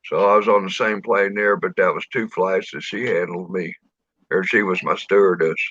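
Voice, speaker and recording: Lowish-voiced man with a Missouri drawl. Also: fairly even intonation, moderate pace, a bit bright, dry recording. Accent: Missouri rural. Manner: rambling storyteller with many restarts and swearing. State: tipsy. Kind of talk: casual chat. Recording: dull lo-fi dry audio.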